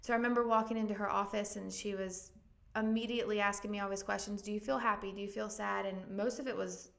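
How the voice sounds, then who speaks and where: Speaking fast, a creaky, gravel-voiced woman tells her story as a pastor guesting on a podcast, emotional and sincere though her pitch stays mostly flat. Ums and likes crop up often in this candid testimony, recorded in an echoey room.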